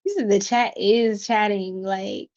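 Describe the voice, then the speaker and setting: A woman with a mid-range, steady voice speaks a little slowly, her tone on the darker side. She hosts a tarot livestream, chatting in a casual, bubbly way, reading viewer comments aloud, laughing often and tossing in slangy asides. The stream audio is dull and lo-fi.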